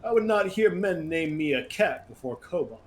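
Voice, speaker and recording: A man's voice: medium pitch, animated, normal speed, slight background noise, close to an everyday voice. A man voicing a scheming male pirate chief in a thick put-on accent, drawling and sly.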